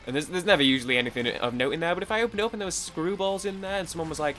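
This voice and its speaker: A man's voice: medium pitch, lively intonation, rapid-fire, few pauses, a bit bright, soft background music. A young British man rambling chattily through casual let's-play commentary, full of fillers and swearing. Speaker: gaming YouTuber.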